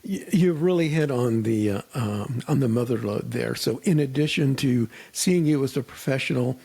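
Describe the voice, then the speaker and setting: A man's voice: mid-range voice, moderate pace, gravelly, dark tone, husky. A man hosting a radio interview show, chatting casually and acting out joking bits of dialogue.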